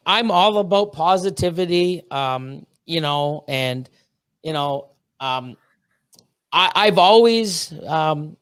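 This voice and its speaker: A man from Canada in his thirties, a podcast guest in casual chat, excitable and rambling, swearing often with lots of fillers and restarts. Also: fairly high pitch, takes it slowly, clear, resonant tone, no echo.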